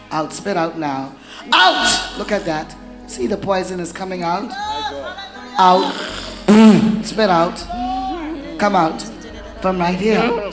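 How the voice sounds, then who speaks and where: Commanding woman preacher casting out demons. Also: fairly low pitch. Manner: commanding, shouts orders at demons. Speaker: prophetess leading a deliverance service. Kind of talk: deliverance prayer. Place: church. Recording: echoey church with loud music.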